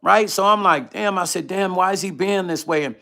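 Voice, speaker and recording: A man casually telling a personal story on his vlog, animated and profane, acting out both sides of phone calls. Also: high voice, fairly quick, vocal fry. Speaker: musician vlogger.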